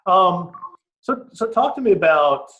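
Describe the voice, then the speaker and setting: A man's voice: high-pitched, lively intonation, a little slow, pushed and bright, muffled recording. A man hosting a casual interview over a video call, rambling and repeating words as he thinks. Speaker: interview host.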